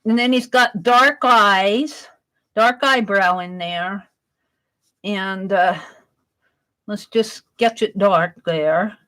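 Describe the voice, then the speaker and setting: A woman's voice: medium pitch, extremely slow, pauses often, fairly bright tone, rough recording. A woman chatting on a live art stream, talking through her sketch and reading viewers' comments aloud. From Wisconsin. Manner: chatty, reads chat aloud while sketching.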